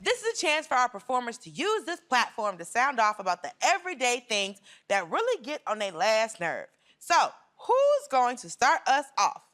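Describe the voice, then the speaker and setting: A woman's voice: on the high side, huge pitch swings, moderate pace, hardly any pauses. A woman hosting a comedy game show, announcing rounds in an upbeat way. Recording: loud studio audience and noise.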